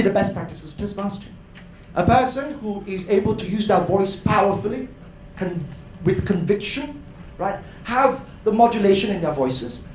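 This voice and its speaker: A man giving a lively, playful workshop talk at a conference, acting out voices and laughing often. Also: high voice. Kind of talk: lively educational talk to an audience. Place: hotel conference room. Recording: roomy hall with faint noise.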